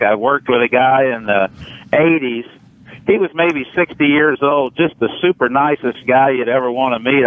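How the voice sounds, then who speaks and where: A man's voice: mid-range voice, no room sound. Caller, man, chatty storyteller, dull dry line. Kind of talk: phone-in anecdote. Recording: dull, dry phone-in audio.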